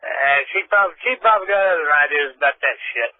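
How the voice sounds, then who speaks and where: A gruff man answers the phone sounding irritated and swears bluntly. His fairly high voice is dry and close, squeezed through a tinny phone line. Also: fairly quick, dry recording. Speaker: prank call target.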